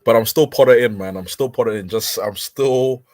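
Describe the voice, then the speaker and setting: Relaxed male host, lower voice, dry recording, easygoing chatter. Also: moderate pace, no room sound. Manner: easygoing, laughs, stammering restarts. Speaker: hangout host. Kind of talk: casual chat.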